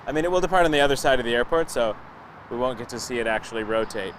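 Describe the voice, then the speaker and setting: A man's voice: medium pitch, steady tone, fast, fairly bright tone. A man in his thirties hosting a live plane-spotting stream outdoors by an airport, chatting and telling family anecdotes. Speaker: livestream host. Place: outdoors near a busy airport. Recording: noisy outdoor livestream audio. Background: traffic and outdoor ambience.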